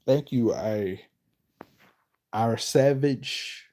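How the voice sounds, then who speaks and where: A man chatting on a live stream, reading viewers' messages aloud and answering them off the cuff. He rambles and trails off mid-thought, then starts his sentences over. His voice springs upward whenever he gets excited. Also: unhurried. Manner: lively, pitch jumps up when excited. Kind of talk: casual live-stream chat.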